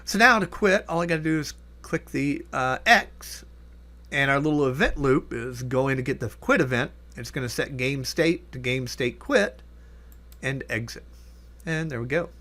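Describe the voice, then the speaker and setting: A man's voice: mid-range voice, moderate pace, pushed and bright. Man talking through code as he types. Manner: thinking aloud while typing, many fillers and self-corrections. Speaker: programming instructor. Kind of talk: casual coding tutorial.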